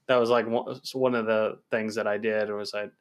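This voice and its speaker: A man's voice: on the low side, little pitch movement, moderate pace. A man co-hosting a podcast in casual chat, laid-back, swearing freely and filling his talk with "um" and "like". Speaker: podcast co-host.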